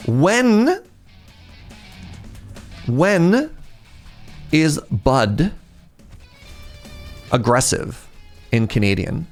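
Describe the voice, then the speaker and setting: Lively, excitable man streaming a game. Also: medium pitch. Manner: excitable, chatty, talks to chat. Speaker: streamer playing a video game. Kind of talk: casual live-stream gameplay commentary.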